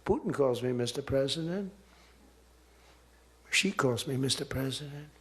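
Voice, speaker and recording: A man's voice: medium pitch, lively intonation, unhurried, a bit bright. A man mimicking a whiny leader. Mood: pleading. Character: pleading French male head of state.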